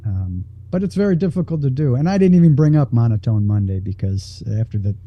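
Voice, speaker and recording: A man chatting on air as a regular co-host, deadpan and dry, on dull lo-fi audio. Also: medium pitch, quick pace, dry recording. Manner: deadpan, puts on a flat monotone bit. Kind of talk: casual on-air chat.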